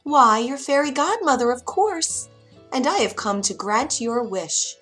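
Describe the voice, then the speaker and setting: A woman voicing a brisk, huffy older fairy godmother in a storybook. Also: sits high, animated, a bit bright, faint music behind, voice pushed up.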